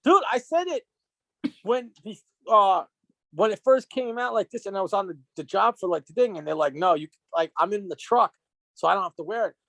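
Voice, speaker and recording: A man's voice: high voice, animated, brisk, creaky, a bit bright, no room sound. A man co-hosting a casual podcast, swearing freely and acting out quotes as he tells stories. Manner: profane, storytelling with acted-out quotes. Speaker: podcast co-host.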